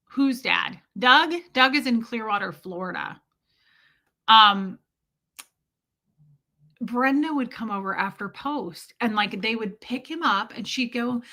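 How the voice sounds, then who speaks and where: A live streamer in her forties speaks slowly with frequent pauses, her fairly high voice pushed and bright. Chatting casually, she answers viewers' comments and tells blunt, frank stories, imitating the voices she quotes.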